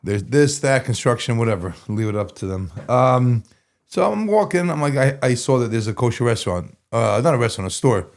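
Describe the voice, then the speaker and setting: A man's voice: mid-range voice, big pitch swings, a little fast. A man telling a story as a podcast guest, rambling casually with lots of "like" and self-corrections. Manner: rambling, full of "like" and restarts.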